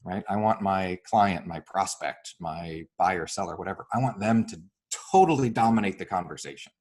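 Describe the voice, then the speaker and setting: A man speaking as an interview guest, explaining his ideas with many fillers and lively acted-out example dialogue. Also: low voice, normal speed. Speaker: real estate broker and coach.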